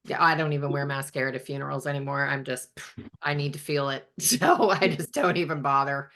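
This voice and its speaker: A woman hosting an interview podcast, chatting casually and telling stories in an animated way. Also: very deep voice, a little fast. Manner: chatty, animated storytelling with acted-out quotes. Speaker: podcast host.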